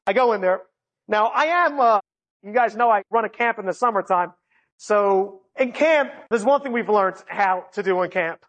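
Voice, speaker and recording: Brief: an animated male storyteller, humorous, speaking to a live audience. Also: high voice, moderate pace, muffled recording. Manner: animated, humorous, often laughing, voices the people in the story. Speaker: inspirational speaker.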